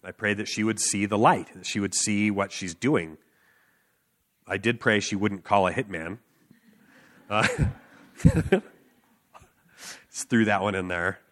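Male preacher, lowish pitch, bright tense tone, earnest, emphatic, casual fillers. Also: measured pace, long pauses. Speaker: street preacher. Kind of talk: sermon with personal story.

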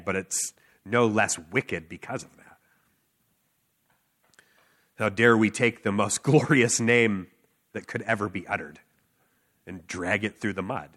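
A man preaching a sermon, telling a personal story with earnest emphasis, filler words and quick laughs. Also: on the low side, bright, forceful tone. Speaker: street preacher.

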